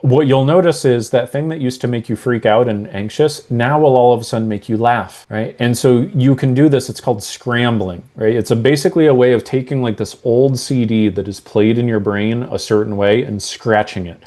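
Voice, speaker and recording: Mellow-voiced male mental health coach. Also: medium pitch, normal speed, few pauses. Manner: earnest, explains with examples and acts out phrasings. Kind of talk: explanatory coaching talk to camera.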